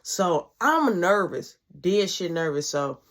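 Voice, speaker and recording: A woman vlogger narrating a personal story in an animated way, swinging between loud and hushed. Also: fairly low pitch, takes it slowly.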